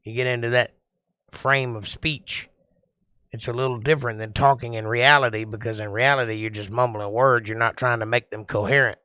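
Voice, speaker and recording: Slow-talking man hosting a livestream. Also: medium pitch, fairly even intonation, sharp tone, clean tone, no echo. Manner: slow, deliberate, sing-song delivery. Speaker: livestream host. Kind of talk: casual chat reading viewer comments.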